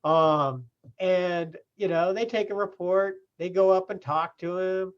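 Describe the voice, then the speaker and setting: Speaking a little slowly in a high voice, a man from California shares anecdotes about serving legal papers for his own business. His storytelling is casual and plain, peppered with "you know," and the remote audio is muffled and lo-fi.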